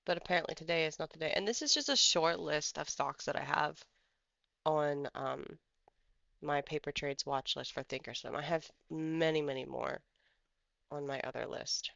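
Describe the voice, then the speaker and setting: A trading streamer chats through charts in a casual live commentary, drifting and thinking aloud. The voice has a gravelly, fry-edged texture. The sound is dry and a little dull, like a lo-fi home mic. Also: medium pitch, moderate pace, sharp tone, no room sound. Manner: rambling, thinks aloud while scrolling charts. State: has the hiccups.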